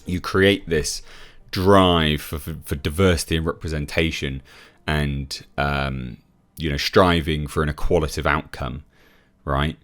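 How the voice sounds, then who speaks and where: An Englishman with a very deep, slightly bright voice, a YouTube reviewer, reads an article aloud at a measured, steady pace with few pauses. He scoffs and mocks it in opinionated commentary, laughing at what he reads and restarting often.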